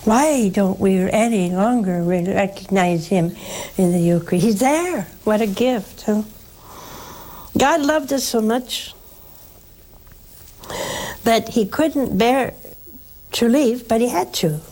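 A woman's voice: a little high, expressive, a little mellow, rough recording. A woman, a nun, preaching with emphasis and answering callers on a religious call-in show. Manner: slow, emphatic, fervent and repetitive.

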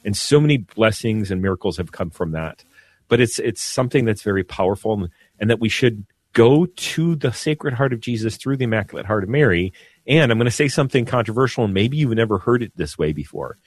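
Earnest slow-talking priest, dry studio sound. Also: male voice, on the low side, expressive, husky, no room sound. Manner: earnest, slow, repeats words when searching. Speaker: priest guest. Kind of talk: radio talk on devotion. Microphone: studio mic.

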